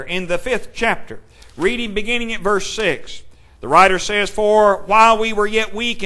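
A man preaching a sermon, reading scripture aloud and pressing his points with slow, deliberate emphasis. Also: high-pitched, fairly bright tone. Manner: reads scripture aloud in King James wording.

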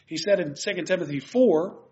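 A man delivers an earnest, emphatic sermon in a fairly high voice. He explains scripture point by point. The recording sounds dull and lo-fi. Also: normal speed, mellow. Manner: earnest, emphatic preaching, reading scripture aloud. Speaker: preacher.

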